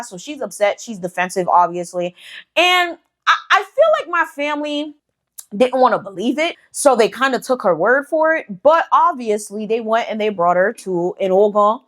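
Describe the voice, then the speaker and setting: A woman's voice: a little high, lively intonation, moderate pace, a bit bright. A young woman hosting a casual storytelling vlog, chatty, swearing freely and leaning on fillers like "you know". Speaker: storytime channel host.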